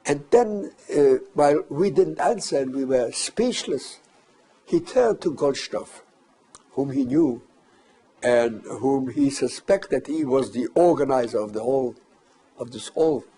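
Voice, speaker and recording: An older man recounting a personal memory as testimony, measured and halting with pauses. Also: mid-range voice, expressive, warm tone, breathy edge. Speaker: survivor giving testimony.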